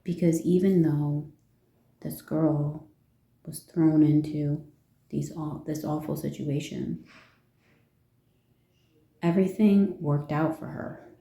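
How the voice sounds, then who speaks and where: A woman's voice: low-pitched, creaky, mellow, reverberant. A woman casually retelling a fairy tale from her notes. She rambles, asks rhetorical questions and gives her opinions along the way. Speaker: vlogger.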